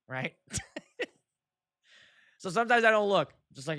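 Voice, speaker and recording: A man hosting his own show, telling wedding DJ stories in a casual chat. He is animated, laughs often and acts out how the crowd reacts. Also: sits high, brisk, pauses often, smooth, no room sound, clean studio sound.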